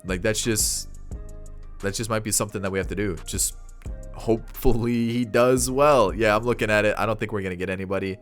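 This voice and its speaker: A man's voice: fairly low pitch, steady tone, brisk, faint music behind. A young man giving casual commentary on his own gameplay, thinking aloud with frequent restarts and getting exasperated at times. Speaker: gaming YouTuber.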